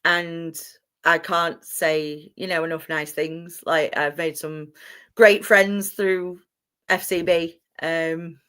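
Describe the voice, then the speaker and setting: A young woman from England, an expressive and excitable wrestling announcer answering interview questions with frequent laughter. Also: fairly low pitch, slow pace, clear, resonant tone.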